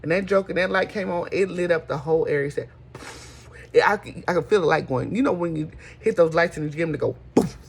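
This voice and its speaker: A woman's voice: on the low side, fast talker, vocal fry, hardly any pauses, husky. A middle-aged woman, hosting a folksy casual chat and calling listeners honey. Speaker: host.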